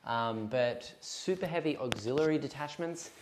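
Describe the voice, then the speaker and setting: A man's voice: medium pitch, moderate pace, roomy sound, a little hiss or hum. A man in casual chat over a tabletop wargame, easygoing and agreeable, reading rules out. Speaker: wargaming player and host.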